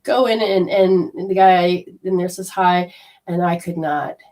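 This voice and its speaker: A woman's voice: lowish voice, steady tone, measured pace, a little mellow, far from the mic. A woman telling a personal story in a talk, acting out the quoted dialogue in a chatty way. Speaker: spiritual healer giving a talk.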